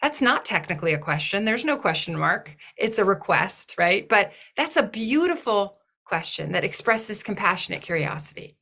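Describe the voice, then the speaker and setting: A woman's voice: medium pitch, very animated, normal speed, gravelly, few pauses, sharp tone. A woman giving a thoughtful, earnest talk in a webinar, often restarting her phrases as she works through an idea. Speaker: webinar guest speaker.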